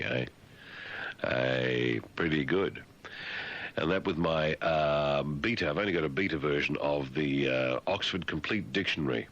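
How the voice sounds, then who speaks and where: A man's voice: rumbling low, lively intonation, normal speed, vocal fry, fairly bright tone, a little hiss or hum. A man hosting talk radio, reading news items and breaking off into wry, rambling, sardonic asides. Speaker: radio host.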